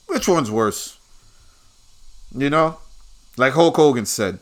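A man's voice: mid-range voice, expressive, takes it slowly, fairly bright tone. A man hosting a podcast and ranting in a crude, combative way, swearing freely. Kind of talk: profane rant.

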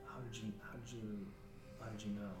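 A man's voice: lowish voice, little pitch movement, fairly quick, distant mic, close to an everyday voice. A man voicing a skinny, eager young man who stammers through anxious questions. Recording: echoey room, off-mic, music bed.

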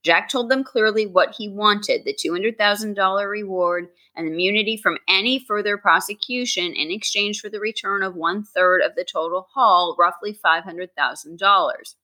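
Woman podcast co-host, bright tone, steady scripted true-crime read. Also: mid-range voice, normal speed, hardly any pauses, rough recording. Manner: reads from a script, steady narration.

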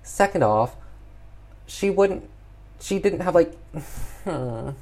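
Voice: medium pitch, animated, slow pace, a little mellow. A film reviewer recapping a movie plot in casual chat, exasperated and full of "like" and "um.". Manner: chatty, exasperated, heavy use of "like".

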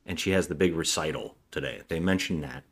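A man's voice: rumbling low, a little fast, breathy edge. A man co-hosting a bad-movie podcast, casually retelling the plot and acting out the characters' lines. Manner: animated retelling with acted-out dialogue.

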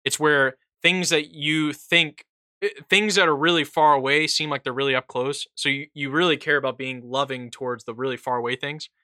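A man co-hosting a casual political chat, talking in a halting way with many restarts and fillers. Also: a little high, fairly even intonation, pushed and bright, dry recording, clean studio sound. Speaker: podcast co-host reading chat.

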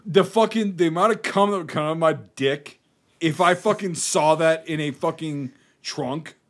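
A man co-hosting a casual movie commentary podcast, swearing constantly and loudly teasing his friends. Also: fairly high pitch, normal speed. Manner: profane, loud ribbing of friends. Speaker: podcast co-host.

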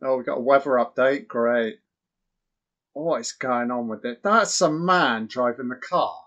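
A man giving crude, excitable, mocking live commentary on a horror film. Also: medium pitch, unhurried. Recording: dull lo-fi audio.

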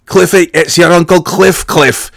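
A man's voice: high-pitched, steady tone, measured pace, gravelly, no echo, heavily acted. A man voicing a crude, angry old Scottish uncle leaving a rambling voicemail, in a put-on Scottish accent, repeating the nephew's name over and over. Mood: ranting. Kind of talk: comedy podcast bit.

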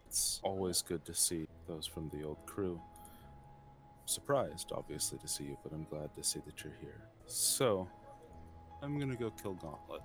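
A man playing his character in a tabletop game, speaking in a grim, resolute and deliberate way. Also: extremely low pitch, lively intonation. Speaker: player. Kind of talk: in-character role-play. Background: music.

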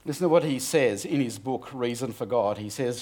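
A man's voice: mid-range voice, moderate pace, hardly any pauses, darkish tone. Earnest young man preaching. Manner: earnest, conversational, with frequent restarts. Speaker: preacher at a student Bible talk. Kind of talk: sermon.

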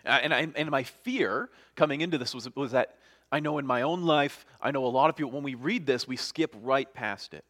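A man's voice: medium pitch, fairly quick, fairly bright tone. A male pastor preaching a sermon, earnest and conversational, often restarting phrases and checking in with "right?".

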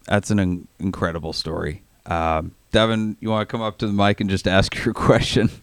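A man hosting a podcast in a relaxed, casual chat. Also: on the low side, normal speed, smooth, dry recording. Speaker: podcast host.

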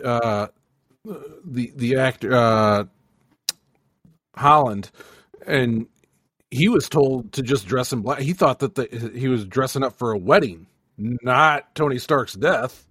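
A man co-hosting a casual podcast chat, speaking in a halting way with many restarts. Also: mid-range voice, fairly bright tone, no room sound. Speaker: podcast co-host.

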